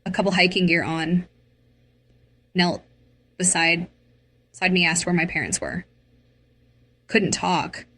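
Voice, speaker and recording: A woman tells a dramatic, emotional first-person story slowly and deliberately. Her voice sits on the lower side. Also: steady tone, bright, forceful tone. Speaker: narrator.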